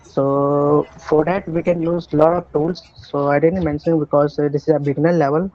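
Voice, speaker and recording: A man with an Indian English accent teaching an online cybersecurity class, halting and full of fillers and restarts. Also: a little high, level tone, lo-fi sound, slight background noise. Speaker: cybersecurity instructor. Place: online class by video call.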